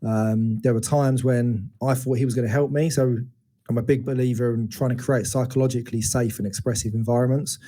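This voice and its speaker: Man, forties, podcast guest, candid storytelling, warm mellow tone, reflective. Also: mid-range voice, steady tone, brisk. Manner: reflective, frank, with many restarts and acted quotes. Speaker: guest, men's educator.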